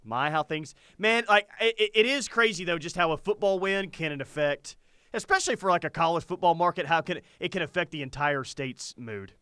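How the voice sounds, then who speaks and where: Bright-voiced man hosting sports talk. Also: fairly high pitch, a little fast, smooth, dry recording, clean studio sound. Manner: animated, reads listener comments aloud. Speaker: sports talk show co-host. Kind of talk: casual sports radio chat.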